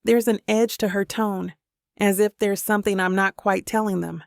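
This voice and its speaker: A woman narrating a first-person romance audiobook in an even, steady reading voice. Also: mid-range voice, moderate pace, gravelly, no echo, clean studio sound.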